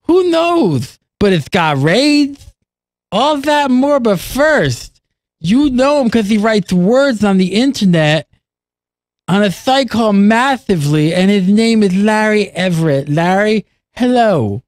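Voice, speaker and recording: A man's voice: high voice, lively intonation, dry recording, clean studio sound. A man hosting in an awkward put-on voice with a heavy lisp, tongue pushed out past his teeth, as a comic bit. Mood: awkward goofy. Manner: awkward, deliberately stilted delivery. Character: goofy awkward male host with a lisp. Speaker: host.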